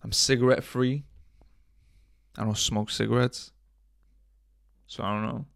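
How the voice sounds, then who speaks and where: A young man hosting a casual solo podcast, rambling and swearing with jokes, often coughing and clearing his throat into a close microphone. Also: medium pitch, steady tone, unhurried, no echo. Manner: rambling, profane, jokey, drifts between loud bits and mumbling. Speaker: podcast host. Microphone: studio microphone up close.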